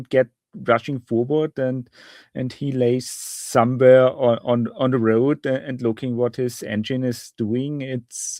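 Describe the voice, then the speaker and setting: A man's voice: medium pitch, a little mellow, no room sound. Man, podcast co-host, thoughtful, searches for words, dead-dry recording. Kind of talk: casual hobby podcast chat.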